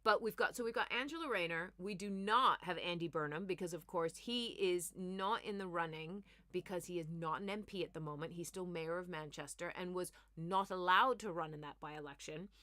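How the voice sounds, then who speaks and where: A woman comedian hosting a comic news commentary, talking in an animated, sarcastic, ranting way with quick asides. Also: fairly low pitch, dry recording, clean studio sound. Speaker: comedian host.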